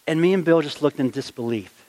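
A middle-aged man recounting a memory from his youth, folksy and lively, who slips into the voices of the people in his story. His voice sits a touch higher than most men's. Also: a little fast. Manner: animated, folksy storytelling with acted-out quotes. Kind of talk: personal anecdote, told aloud.

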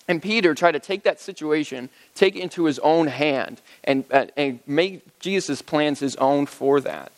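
Guy preaching a sermon, kinda high voice, laid-back chatty delivery, big echoey hall. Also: normal speed, hardly any pauses. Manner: relaxed conversational retelling with fillers. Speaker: pastor.

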